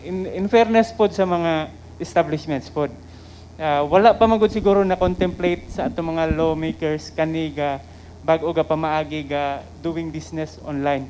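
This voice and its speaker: Filipino official answering the council, careful and explanatory, mellow darkish tone. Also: mid-range voice, steady tone, moderate pace, a little hiss or hum, low-quality recording.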